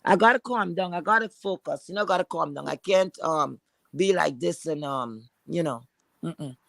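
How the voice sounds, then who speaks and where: A woman's voice: deep voice, moderate pace, gravelly, no echo. A woman from Trinidad, ranting profanely and emphatically as a guest on a casual live chat. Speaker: livestream guest.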